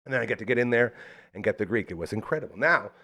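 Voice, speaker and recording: A man's voice: fairly low pitch, animated, rapid-fire, pushed and bright. A man hosting a live local podcast, chatting casually and launching into hyped ad reads. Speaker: podcast host. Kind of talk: casual live-stream chat.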